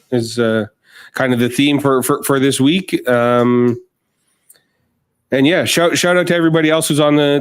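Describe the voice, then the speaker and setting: A man's voice: mid-range voice, clear, resonant tone. A man hosting a sports podcast, easygoing, laughing often and calling on each guest. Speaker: podcast host.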